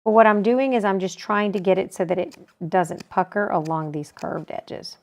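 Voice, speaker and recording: A woman calmly explaining a quilting technique step by step as she works with her hands. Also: mid-range voice, moderate pace. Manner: calm, practical, talks while working with her hands. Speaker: quilting instructor. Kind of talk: step-by-step sewing tutorial.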